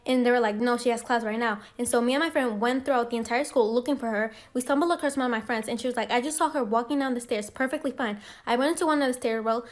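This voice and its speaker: Woman, casual storytime, animated, quick pace, slightly high voice. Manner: animated, acts out quoted dialogue.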